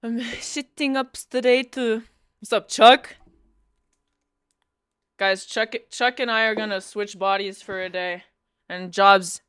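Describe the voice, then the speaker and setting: A young woman streaming, chatting casually in quick, giggly bursts. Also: medium pitch, bright, forceful tone, smooth, no room sound, clean studio sound. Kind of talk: casual live-stream chat.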